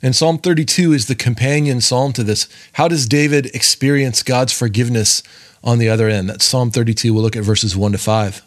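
A man's voice: medium pitch, steady tone, a little fast. Man teaching the Bible casually. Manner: conversational, explains step by step with asides and "right?". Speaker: Bible teaching podcast host.

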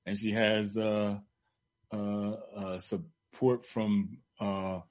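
A man co-hosting a talk radio show, speaking with hesitant, halting fillers. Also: on the low side, flat delivery, darkish tone.

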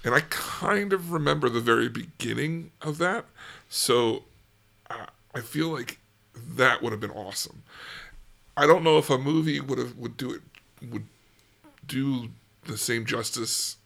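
A man's voice: medium pitch, measured pace, vocal fry, a bit bright. A man co-hosting a casual book podcast, chatty and laughing often. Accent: American. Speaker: podcast co-host. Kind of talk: casual book-club chat.

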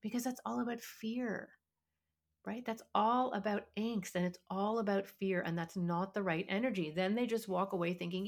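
A woman's voice: medium pitch, moderate pace. A woman hosting a parenting podcast, talking earnestly and with emphasis, now and then acting out what a parent or child might say. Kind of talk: solo podcast teaching talk.

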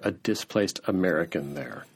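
A man co-hosting a podcast, chiming in with quick jokey remarks. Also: deep voice, gravelly, breathy edge. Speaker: podcast co-host. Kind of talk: casual interview chat.

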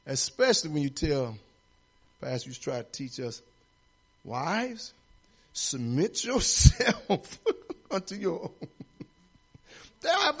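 High-pitched man preaching, chatty and folksy, jumps up into shouts now and then. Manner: folksy, conversational preaching with personal stories; animated, rising to shouts. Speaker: assistant pastor. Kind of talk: sermon. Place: church sanctuary.

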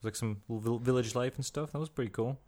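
Mid-voiced guy, stammery and halting, deadpan jokes. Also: mid-range voice. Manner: hesitant, stammering, dry humor. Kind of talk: casual chat.

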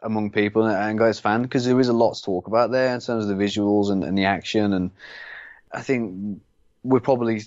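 A jokey, animated man chats about a film in a casual podcast, dropping "mate" and laughing along. His voice sits fairly low. The sound is dull and lo-fi, and the mic is close and dry. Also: brisk, no room sound. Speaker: podcast co-host, film reviewer.

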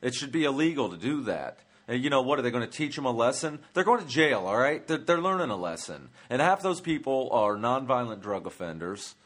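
A man hosting a comedy travel podcast rambles through a profane monologue stuffed with ums and uhs. His voice is medium in pitch and a bit bright.

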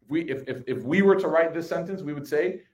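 A man in his thirties giving a sermon to a live audience, telling personal stories in a conversational, animated way. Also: a little high, brisk. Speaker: religious speaker. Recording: echoey room.

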